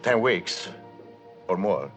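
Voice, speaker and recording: A curt, secretive gentleman. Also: low voice, expressive, slow pace, exaggerated voice. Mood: guarded. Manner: curt, guarded, clipped. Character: terse, secretive foreign gentleman on an expedition, adult man. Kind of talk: 1950s film acting. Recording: dull old film soundtrack with music.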